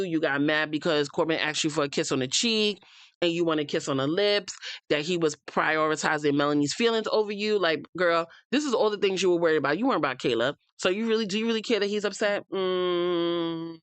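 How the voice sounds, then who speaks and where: A woman's voice: deep voice, clean tone, no room sound. A woman from the United States hosting a reality TV recap, talking bluntly and heatedly, swearing freely and addressing the cast members directly. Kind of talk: opinionated casual recap.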